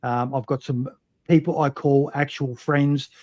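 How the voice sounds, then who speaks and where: A man's voice: medium pitch, steady tone, measured pace, darkish tone, no echo, studio quality. A man hosting a podcast interview, talking bluntly with plenty of swearing and many "um"s. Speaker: podcast host. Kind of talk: casual interview chat.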